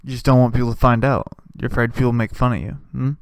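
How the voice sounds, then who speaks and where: A man vlogging in a casual, rambling monologue that repeats itself, swears, and swings from hushed to loud. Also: medium pitch, level tone, fast talker, vocal fry, clear, resonant tone, no echo, clean studio sound.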